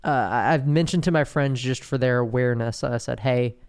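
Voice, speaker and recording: A man with a smooth yet gravelly voice hosts a podcast monologue. He speaks candidly and haltingly, full of restarts and fillers, sounding slowed and worn down by withdrawal pain. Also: medium pitch. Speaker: podcast host. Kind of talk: personal monologue.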